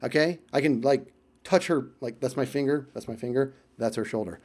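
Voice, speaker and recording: A man's voice: medium pitch, fairly quick. Chatty man telling a vlog story. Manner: animated, chatty, with frequent asides and fillers.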